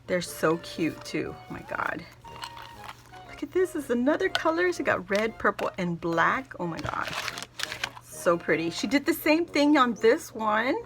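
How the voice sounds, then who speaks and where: A woman's voice: fairly high pitch, big pitch swings, a little slow, over music. A woman gushing and gasping as she opens craft gifts for her vlog audience. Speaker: craft vlogger opening gifts. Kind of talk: casual gift unboxing.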